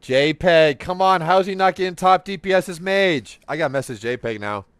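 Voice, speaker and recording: A man hosting a gaming podcast, telling stories in casual, profane, animated chat while he plays. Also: a little high, normal speed, clean tone, dry recording. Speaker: streamer and podcast host.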